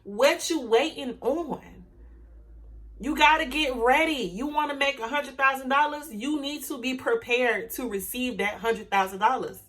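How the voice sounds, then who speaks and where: A young adult woman vlogger giving a motivational talk to camera about her hair business, emphatic and direct, slowly repeating affirmations and ending points with "okay?". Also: sits high, a bit bright.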